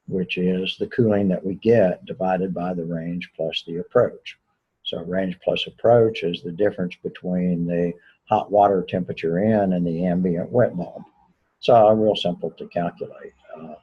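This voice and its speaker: A man giving a recorded engineering lecture in a relaxed, conversational way, with many fillers and restarts. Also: sits low, husky, muffled recording.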